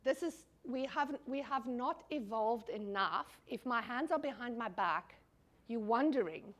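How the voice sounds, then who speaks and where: A middle-aged woman giving a lively classroom lecture. She is animated, swears casually and keeps asking the audience questions. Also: a little high, unhurried.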